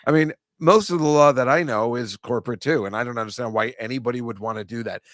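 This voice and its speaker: A man's voice: medium pitch, fast talker, a bit bright, no room sound. A man hosting a comedy talk show, rambling and chatty, often breaking off his own sentences to laugh. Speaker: comedian host. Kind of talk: casual chat.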